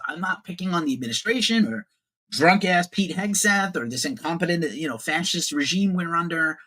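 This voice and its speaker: A man's voice: a little high, bright, forceful tone. A man in his forties hosting a casual livestream news show, opinionated and profane, greeting viewers in the chat.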